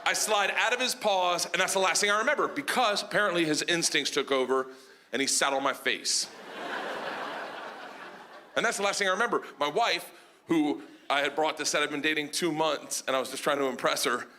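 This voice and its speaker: A man on a comedy stage tells a long story in a loud, lively voice that sits a little high. He keeps pushing his energy up and breaks into shouted voices. Plenty of room noise from the live crowd fills the recording behind him. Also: fairly quick. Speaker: stand-up comedian. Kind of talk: stand-up storytelling. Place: comedy stage before a laughing audience.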